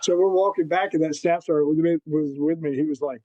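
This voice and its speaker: A man with a fairly high but mellow, warm voice tells war stories on a podcast. He slips into the voices of the people in his stories as he goes. The sound is dry and close. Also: fast, no room sound, muffled recording. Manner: animated storyteller who acts out quotes. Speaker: podcast guest, Marine veteran. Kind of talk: casual storytelling.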